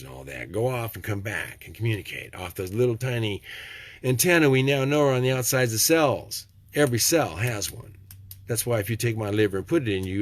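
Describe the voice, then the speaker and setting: Older husky-voiced man, folksy and preachy. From Texas. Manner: preachy, folksy, swings from low and quiet to loud. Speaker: vlogger. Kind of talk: rambling motivational monologue.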